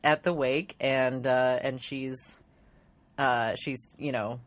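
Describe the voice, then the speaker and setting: A woman co-hosting a podcast, recapping a show in relaxed, giggly casual chat. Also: very deep voice, takes it slowly. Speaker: podcast co-host.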